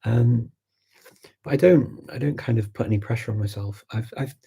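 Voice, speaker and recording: A man with a Scouse accent hosting a live chat, answering viewer questions in a relaxed way, thinking aloud with many pauses and restarts. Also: mid-range voice, creaky, slightly rough. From Liverpool, England. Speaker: host of a live language chat.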